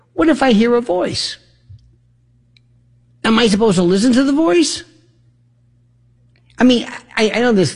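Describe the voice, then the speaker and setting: Gravelly, animated male radio host. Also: high-pitched. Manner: animated, rhetorical, acts out imagined dialogue. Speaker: radio talk show host. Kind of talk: opinionated radio monologue.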